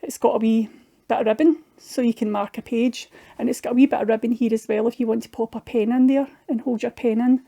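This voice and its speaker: A woman's voice: a little high, steady tone, fairly quick, vocal fry, warm tone. A middle-aged Scottish woman chatting casually through her craft projects, homely and full of little restarts. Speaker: craft vlogger. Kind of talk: casual show-and-tell chat.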